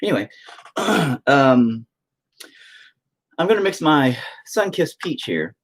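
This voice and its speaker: A man's voice: mid-range voice, very animated, slow, a bit bright. A young man hosting a painting stream, rambling and joking crudely while he paints and reads chat aloud. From United States. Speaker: painting livestream host.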